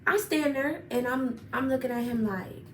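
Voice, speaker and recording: Animated young woman telling a story. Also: high-pitched, moderate pace. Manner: animated, profane, gets worked up retelling. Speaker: storyteller vlogger. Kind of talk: casual storytime. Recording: roomy echo, far from mic, faint noise.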